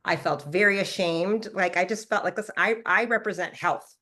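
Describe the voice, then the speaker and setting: A woman in her fifties with a slightly low speaking voice tells a personal story. She is animated and quick, and her voice jumps higher whenever she acts out what she or others said. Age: 50s. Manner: animated storytelling, acting out her own past lines in a higher voice. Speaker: product formulator and brand promoter. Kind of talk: testimonial talk to a live call.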